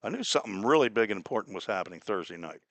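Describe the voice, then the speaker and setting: A man from Cincinnati calling a baseball game play by play, chatty and folksy, drifting into small talk between pitches. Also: lively intonation, very fast, fairly bright tone, no room sound. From Cincinnati, Ohio. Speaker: play-by-play announcer. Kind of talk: live baseball radio commentary.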